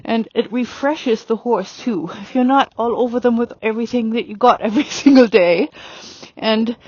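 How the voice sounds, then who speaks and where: A woman's voice: a little high, normal speed, darkish tone, dry recording, lo-fi sound. A woman riding instructor talking through a demonstration on horseback outdoors, chatty with lots of fillers, calling commands to her horse.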